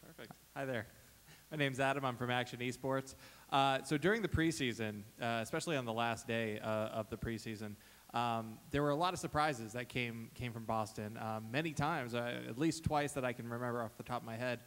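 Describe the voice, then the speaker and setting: A man's voice: medium pitch, steady tone, brisk, a bit bright. A man asking a long, rambling question at a press conference, full of fillers and restarts. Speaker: reporter. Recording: reverberant hall.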